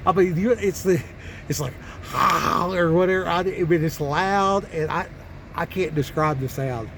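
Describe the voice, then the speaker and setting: A man's voice: on the high side, moderate pace, slight background noise. A man telling rambling, folksy stories in a drawling country way, full of fillers and restarts, for his vlog from a truck cab parked up on a mountain pass. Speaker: truck driver vlogger. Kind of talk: casual storytelling vlog.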